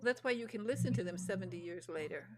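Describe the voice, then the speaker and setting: A woman's voice: mid-range voice, expressive, quick pace, noisy background. A woman hosting an interview, talking in an emphatic, opinionated way with frequent restarts. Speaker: host. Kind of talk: casual interview chat.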